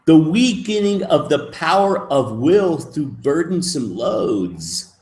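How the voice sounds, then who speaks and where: A man teaching as a rabbi in a lecture, emphatic, moving between soft asides and loud, stressed points. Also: medium pitch. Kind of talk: lecture on Jewish mysticism. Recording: echoey room.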